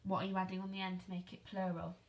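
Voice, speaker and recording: A woman teaches phonics to young children over video. She speaks slowly and clearly, spells words out letter by letter, and keeps checking in with questions. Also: medium pitch, little pitch movement, dull audio. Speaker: primary school teacher. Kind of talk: online phonics lesson for children.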